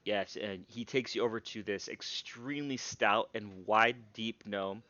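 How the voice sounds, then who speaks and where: A man narrating a tabletop game as game master in a casual, halting way. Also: lowish voice, bright, forceful tone, no room sound, muffled recording.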